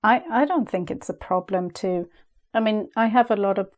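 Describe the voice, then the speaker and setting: A woman with a Swedish accent, a language teacher chatting as a guest on a podcast and telling stories in a lively way. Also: medium pitch, normal speed. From Sweden. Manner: lively, storytelling, often checks in with "right?" and "yeah?". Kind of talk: casual podcast conversation.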